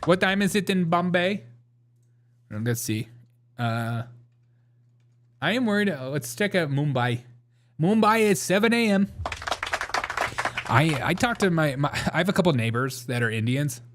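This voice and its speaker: A man's voice: fairly high pitch, animated, unhurried, long pauses, a bit bright, slight background noise. Jokey man rambling on a live stream. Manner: rambling, jokey, laughing often; reads chat and answers it. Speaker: host of a live show. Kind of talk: casual live-stream chat with viewers.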